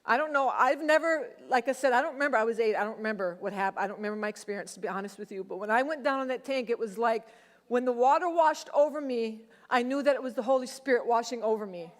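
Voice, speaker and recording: A middle-aged woman pastor preaching a sermon, telling a personal testimony in a conversational, animated way. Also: on the high side, fast. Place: church sanctuary. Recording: long church hall reverb.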